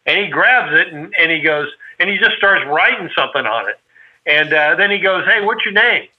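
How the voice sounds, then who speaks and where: A man's voice: a little high, expressive, moderate pace, dull audio. A man casually reminiscing with a friend, telling a long, meandering anecdote. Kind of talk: casual chat.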